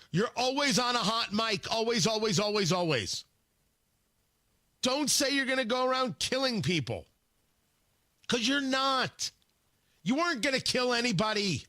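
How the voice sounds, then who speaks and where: A man's voice: high voice, bright, forceful tone, no room sound, clean studio sound. A man hosting a talk radio show, delivering a combative opinion monologue and repeating words for emphasis.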